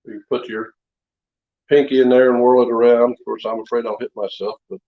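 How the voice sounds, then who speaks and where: A man's voice: medium pitch, level tone, brisk, slight background noise. A man chatting casually in his home workshop, showing knives he forged, in a rambling, down-to-earth way. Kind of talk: casual show-and-tell chat. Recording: slightly dull lo-fi sound.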